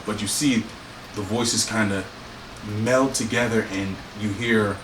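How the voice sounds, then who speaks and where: A man's voice: lowish voice, steady tone, unhurried. A man narrating a tabletop game as game master, in a loose, rambling way full of fillers. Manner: rambling, full of ums and likes. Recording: roomy, distant mic, background noise.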